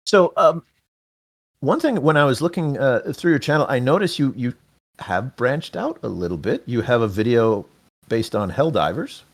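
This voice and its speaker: A man's voice: medium pitch, expressive, normal speed. A man hosting a casual podcast interview, rambling a little and restarting his sentences. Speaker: podcast host.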